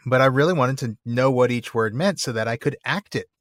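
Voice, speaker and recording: Earnest, halting male podcast host. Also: mid-range voice, fairly bright tone, no echo, studio quality. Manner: earnest, halting, with many restarts. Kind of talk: casual chat.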